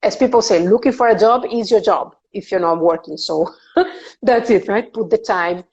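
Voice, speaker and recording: A woman's voice: mid-range voice, moderate pace, a little mellow, highs cut off. A woman hosting a career interview, chatty and laughing often as she explains with examples. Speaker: podcast host interviewing a career guest. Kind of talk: casual interview chat.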